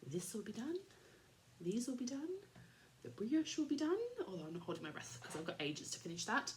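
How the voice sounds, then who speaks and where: A woman's voice: medium pitch, big pitch swings, fairly quick, a little hiss or hum. An Australian woman in her thirties hosting a podcast, chatting casually in a rambling way with lots of fillers and little laughs. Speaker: podcast host. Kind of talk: casual chat.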